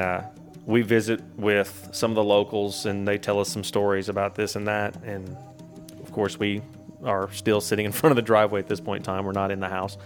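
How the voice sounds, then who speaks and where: Low, flat-voiced man telling a story. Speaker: guest telling a ghost story. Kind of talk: casual storytelling.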